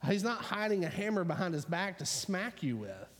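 A pastor preaching a sermon, telling a story in a relaxed, conversational way full of fillers. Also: male voice, high-pitched, moderate pace, in a large hall.

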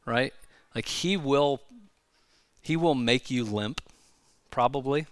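A man's voice: mid-range voice, smooth, no room sound, clean studio sound. Man preaching a conversational sermon. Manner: conversational preaching with frequent asides and quick restarts. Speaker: pastor. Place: church sanctuary.

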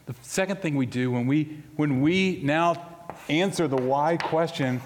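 A man preaching a sermon in a relaxed, storytelling way, his voice ringing out in a big church hall with a long echo. He drops to a hush and then rises to loud bursts. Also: on the high side, unhurried. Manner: storytelling, conversational, swings between loud and hushed. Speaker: pastor.

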